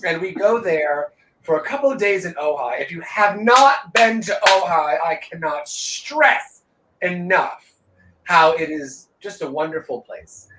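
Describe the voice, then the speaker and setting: Man, co-host, animated storyteller, bright sharp tone, roomy echo. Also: fairly high pitch, measured pace, a little hiss or hum. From Los Angeles. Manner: animated, profane, does voices in anecdotes. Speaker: podcast co-host. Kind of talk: casual chat storytelling.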